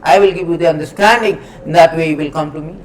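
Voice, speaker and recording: A man's voice: on the high side, steady tone, quick pace, a little hiss or hum, low-quality recording. A man giving a scripture lecture, emphatic and repetitive, chanting Sanskrit verses in between. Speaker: preacher.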